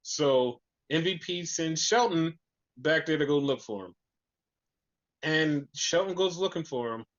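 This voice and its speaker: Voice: mid-range voice, a little slow, highs cut off. A podcast co-host in casual chat recapping wrestling, swearing freely and acting out what people said. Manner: animated, swears freely, acts out quotes.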